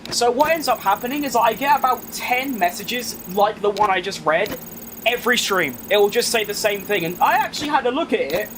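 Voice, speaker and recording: A young London man chatting through a racing game session in a wry, joking way. His voice sits high and swings widely in pitch. Faint game engine noise hums behind him. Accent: London English. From England. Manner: chatty, reads chat aloud, wry and self-mocking. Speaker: gaming streamer. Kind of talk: casual commentary while playing.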